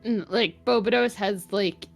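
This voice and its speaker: A woman's voice: mid-range voice, a little slow, gravelly, soft background music. A woman player describing her character in a tabletop game, giggly and rambling.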